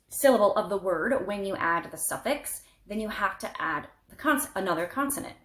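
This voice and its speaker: A young adult woman chatting casually and excitedly about books, with frequent restarts and fillers. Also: mid-range voice. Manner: enthusiastic, rambling, many restarts and fillers. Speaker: book vlogger. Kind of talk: casual book review. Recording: echoey room.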